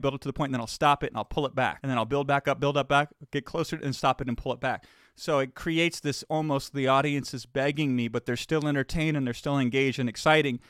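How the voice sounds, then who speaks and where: A man explaining his public speaking approach in a casual, emphatic talking-head style, with quick bursts of speed. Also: mid-range voice, no echo, clean studio sound. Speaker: marketing speaker and host.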